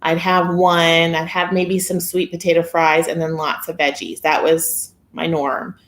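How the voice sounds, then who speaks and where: A woman's voice: fairly low pitch, level tone, a little slow. A woman hosting a casual live-stream chat on a phone camera, chatty and giggly as she reads viewer comments. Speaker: weight-loss vlogger hosting a live stream.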